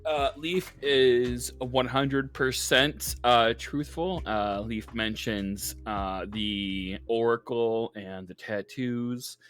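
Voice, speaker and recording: A man's voice: medium pitch, takes it slowly, few pauses, a bit bright. A man playing a tabletop game, speaking hesitantly about his character in third person. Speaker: player.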